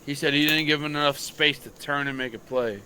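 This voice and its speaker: A young man, a high school football coach, telling a long story on a casual late-night podcast, swearing freely and acting out what others said. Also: brisk, a little hiss or hum. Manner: profane, animated storytelling.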